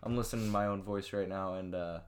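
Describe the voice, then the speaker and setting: A young man co-hosting a casual podcast from a bedroom, a little hoarse from losing his voice, chatty and rambling. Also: lowish voice, flat delivery, quick pace. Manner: chatty, rambling, laughs easily. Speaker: podcast co-host. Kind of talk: casual chat. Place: small bedroom full of clothes.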